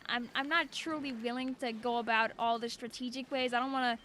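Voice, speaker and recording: A woman's voice: on the high side, steady tone, a little fast, fairly bright tone, slight background noise. A young woman streaming a game, chatting casually and bubbly, laughing often. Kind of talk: casual gameplay chat.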